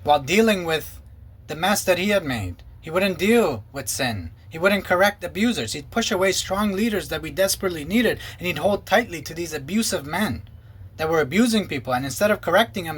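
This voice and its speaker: A man's voice: a bit bright, slightly rough. A man, a former pastor, giving an earnest and emotional personal testimony. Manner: earnest, emotional, quotes others in lowered voice. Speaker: former pastor and ministry co-founder.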